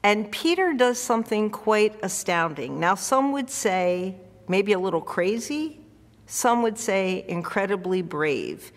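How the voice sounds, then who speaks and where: A woman's voice: mid-range voice, lively intonation, a little slow, in a large hall. A woman pastor giving a sermon in an earnest, conversational way. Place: church.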